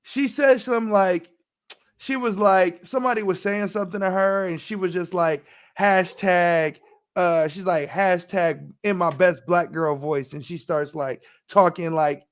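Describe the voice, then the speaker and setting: A man co-hosting a casual podcast, making his case in an animated, argumentative, slangy way. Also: sits high, a little slow. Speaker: podcast co-host. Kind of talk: casual debate chat.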